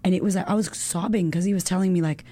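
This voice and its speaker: A woman in her thirties, a women's coach, talking as a guest in an animated, emotional way, full of fillers and the odd swear word. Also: lowish voice, quick pace. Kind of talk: casual chat.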